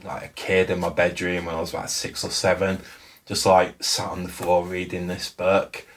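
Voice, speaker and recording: Male book vlogger, chatty storyteller, lowish voice, casual delivery. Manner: chatty and storytelling, with frequent self-restarts. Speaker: BookTube channel host. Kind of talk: casual book vlog talk.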